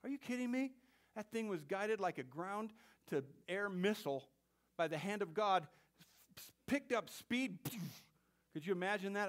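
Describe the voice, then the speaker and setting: Dramatic preaching man, loud to whispers. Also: high-pitched, expressive, measured pace. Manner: dramatic swings from loud exclaims to hushed whispers; playful, teasing the congregation. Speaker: pastor. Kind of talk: sermon. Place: church.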